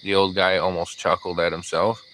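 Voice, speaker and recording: A man narrating an audiobook in a measured, even storytelling manner. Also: deep voice, a little hiss or hum, low-quality recording. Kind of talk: scripted narration.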